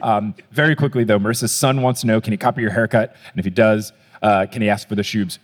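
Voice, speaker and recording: A man's voice: fairly low pitch, steady tone, fast talker, hardly any pauses. Brief: young male podcast host, chatty and loose, recorded live in a reverberant venue. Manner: casual, chatty storytelling with frequent "like". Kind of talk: live podcast chat on stage. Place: live stage show before an audience.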